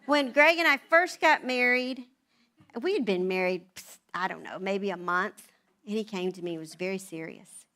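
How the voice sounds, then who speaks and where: A woman's voice: mid-range voice, moderate pace. A grandmother speaking to a room of moms, telling family stories and acting out the voices of her children and husband. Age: older. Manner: animated, acts out family dialogue in changing voices. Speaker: speaker at a moms' event. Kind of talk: talk to an audience, storytelling.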